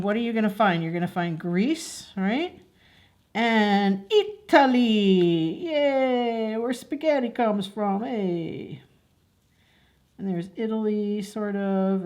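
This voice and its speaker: A woman's voice: medium pitch, a little mellow. A woman hosting a library story time, chatting her way through a children's craft and asking the kids questions. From New Jersey.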